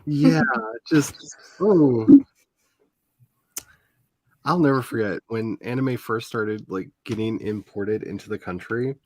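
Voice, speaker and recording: A man in his forties hosting a casual chat, telling animated stories, laughing often and acting out quotes. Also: medium pitch, slow, long pauses, dry recording. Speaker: host.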